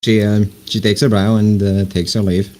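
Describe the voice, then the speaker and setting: Man, game master, low voice, halting narration, tabletop game. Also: level tone, mellow. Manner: halting, many fillers and restarts.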